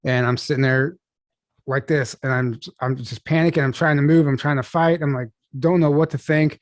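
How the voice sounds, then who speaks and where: A young adult man telling a personal story as an interview guest over a video call, casual and halting, full of restarts and "like". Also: on the high side, fairly even intonation, no echo.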